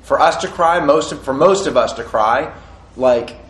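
A halting man in an echoey room. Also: mid-range voice, fairly bright tone. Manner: halting, many restarts, laughs easily. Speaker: podcast co-host. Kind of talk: casual marriage-advice chat. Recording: echoey room with faint noise.

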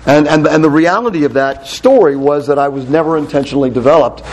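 A middle-aged male pastor giving a lively talk to a room of men, telling stories and putting questions to the crowd. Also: on the high side, fast talker, slight background noise. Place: hall with a live audience.

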